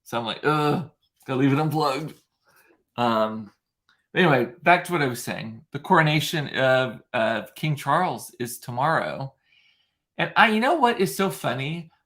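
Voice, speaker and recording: A man's voice: mid-range voice, very animated, moderate pace, fairly bright tone. A man chatting casually on his own, rambling and gossipy, often correcting himself mid-sentence. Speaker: vlogger. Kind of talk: casual solo chat reading live comments.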